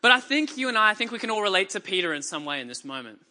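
A man's voice: sits high, very animated, racing, pushed and bright, slight background noise. A man with an Australian accent preaching a sermon to a church congregation, mixing wry jokes with dramatic scripture reading. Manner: conversational and joking, reads scripture dramatically.

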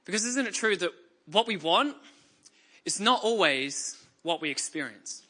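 A man's voice: sits high, expressive, unhurried, bright, forceful tone. A man with an Australian accent preaching a sermon to a church congregation, mixing wry jokes with dramatic scripture reading. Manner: conversational and joking, reads scripture dramatically.

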